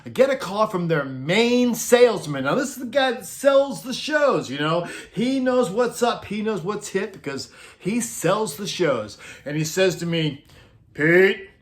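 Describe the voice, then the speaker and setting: A middle-aged man telling a casual comedic anecdote about his work, chuckling often and acting out quoted lines in animated voices. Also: high-pitched, unhurried. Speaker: storyteller recounting road crew tales.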